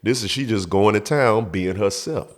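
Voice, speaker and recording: A show host with a fairly low voice tells a story from his youth at a moderate pace. It's a storytelling monologue, profane and emphatic, with him acting out the scene.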